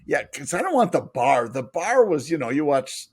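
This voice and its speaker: A man's voice: fairly high pitch, moderate pace. A middle-aged man chatting as a podcast guest, telling jokey stories. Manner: jokey, animated storyteller. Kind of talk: casual chat.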